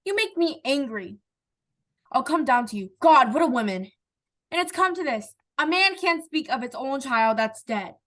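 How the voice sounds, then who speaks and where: Woman voicing pleading husband, bright high voice, earnest. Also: animated, moderate pace. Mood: frustrated. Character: pleading husband, baffled and frustrated.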